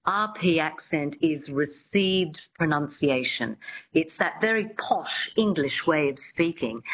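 A woman accent coach, a radio interview guest, explaining her subject. Her voice is on the low side, and she often stops and restarts as she searches for words. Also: a bit bright, slight background noise, low-quality recording. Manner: explanatory, with frequent hesitations.

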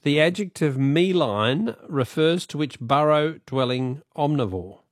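Jovial radio quiz host. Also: male voice, a little high, expressive, dry recording, studio quality. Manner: brisk, jovial, quick asides. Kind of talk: talkback radio quiz hosting. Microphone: studio microphone.

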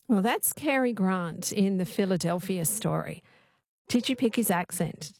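A woman hosts late-night radio in a chatty, conversational way, dropping in the odd filler. She is close to a studio microphone in a dry booth. Her pitch sits in the middle range. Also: expressive, unhurried, a little mellow, dry recording. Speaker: radio host.

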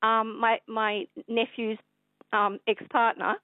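A woman's voice: on the high side, takes it slowly, dry recording. Rambling Australian woman on a phone line. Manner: rambling, excitable, many fillers. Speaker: caller. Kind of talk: rambling phone call to radio. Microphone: telephone.

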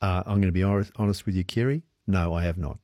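Man radio host, halting questions. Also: low voice, fairly even intonation, darkish tone, no echo, studio quality. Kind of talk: radio interview.

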